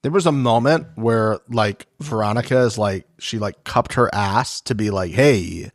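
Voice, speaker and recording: A woman's voice: extremely low pitch, normal speed, no room sound, studio quality. A woman co-hosting a podcast, joking and acting out little scenes as she chats about a reality show. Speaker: podcast co-host. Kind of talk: casual chat recapping a reality show.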